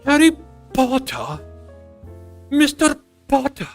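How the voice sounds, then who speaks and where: A man's voice: extremely high pitch, steady tone, slow pace, creaky, soft background music, voice pushed up, full character voice. A man voicing a prim, offended posh British person with a put-on posh accent and overly careful pronunciation. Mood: indignant.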